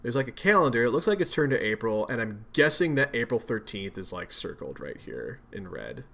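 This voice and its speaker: A man reading a webcomic aloud and commenting in a chatty, animated way, reacting with surprise. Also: mid-range voice, a little fast, vocal fry. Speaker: webcomic reader and host. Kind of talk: casual read-aloud commentary.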